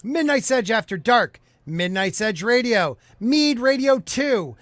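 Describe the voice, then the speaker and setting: Brief: male livestream host, high bouncy voice, teasing and jokey, dry close sound. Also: animated, unhurried, fairly bright tone, no echo. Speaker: podcast host. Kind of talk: casual livestream panel chat.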